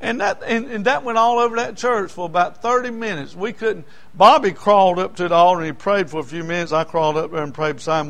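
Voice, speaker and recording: Brief: man, preacher, high-pitched, folksy storyteller, rises loud then drops to a hush. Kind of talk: sermon.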